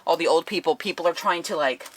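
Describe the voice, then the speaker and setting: Brief: lively, foul-mouthed woman book reviewer, low voice. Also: fast, slight background noise. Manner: animated, profane, laughing often.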